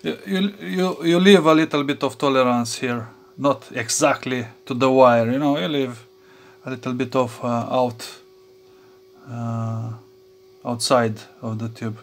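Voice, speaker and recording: This hobbyist's mid-range voice stays steady as he casually walks through soldering at his workbench, with slight background noise present. He keeps restarting and filling pauses, and he chuckles to himself as he goes.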